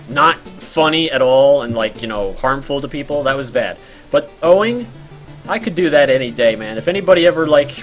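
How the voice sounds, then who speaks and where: Male streamer, rambling storyteller, fairly high voice, very lively pitch, faint music behind. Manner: rambling, animated, many fillers and laughs. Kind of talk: storytelling while gaming.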